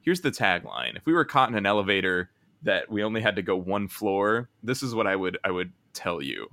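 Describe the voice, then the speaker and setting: Rambling man with a bright voice. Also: fairly low pitch, sing-song. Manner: rambling, halting with many restarts. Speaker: comedian pitching a mock movie. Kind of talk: improvised comedic pitch.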